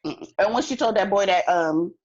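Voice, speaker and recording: A woman's voice: medium pitch, moderate pace, dull audio. A woman co-hosting a casual chat about a TV episode, laughing often and quoting characters. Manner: laughs often, quotes characters in lively voices. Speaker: podcast co-host.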